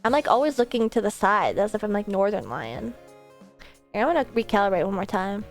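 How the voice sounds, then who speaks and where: A woman's voice: mid-range voice, expressive, fairly quick, soft background music. A woman VTuber streaming from her home setup, chatting casually, rambling and swearing now and then, with a desk mic set a bit far off. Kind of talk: casual live-stream chat.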